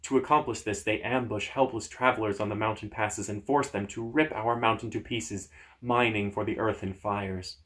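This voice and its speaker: A man voicing an ancient elemental guardian made of living ice, speaking slowly and quietly in a grave tone. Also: on the low side, steady tone, lightly acted. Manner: slow, hushed, solemn.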